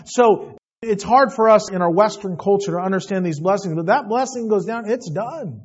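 Preacher reading scripture, muffled sound. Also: male voice, sits high, moderate pace, slightly rough. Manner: reads scripture aloud, then comments in plain asides. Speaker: pastor. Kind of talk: expository sermon.

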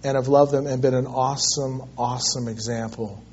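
A middle-aged man preaching a sermon as pastor, animated and swinging from loud to soft as he tells a story. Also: mid-range voice, a little fast, a little hiss or hum. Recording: dull lo-fi sermon recording.

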